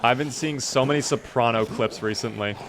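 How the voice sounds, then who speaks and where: A man's voice: medium pitch, fairly quick, fairly bright tone, slight background noise. A tired young man streaming a survival game, chatting casually and thanking viewers by name. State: tired, yawning. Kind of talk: casual live-stream commentary.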